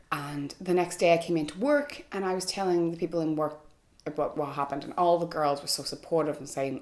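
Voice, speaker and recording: Low-voiced woman telling a personal story. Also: a little fast. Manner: candid, frank, with frequent fillers like "like" and "you know". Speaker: vlogger. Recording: echoey room.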